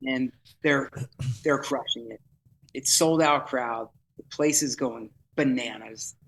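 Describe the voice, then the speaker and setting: A man telling a vivid, excitable story in podcast chat, often restarting his sentences. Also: medium pitch, slow, slight background noise, low-quality recording. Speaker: festival producer guest.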